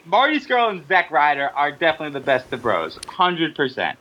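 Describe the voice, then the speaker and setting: A man co-hosting a podcast in casual, joking chat, quick to laugh. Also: fairly high pitch, huge pitch swings, bright, forceful tone. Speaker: podcast co-host. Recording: dull lo-fi audio.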